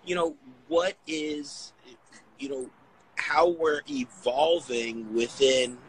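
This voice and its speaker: A man's voice: on the high side, takes it slowly, a little hiss or hum, low-quality recording. A man, a fitness coach, talking casually in an interview, rambling and acting out what other people said. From Italian heritage. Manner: rambling, animated storytelling with acted-out quotes. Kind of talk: conversational interview.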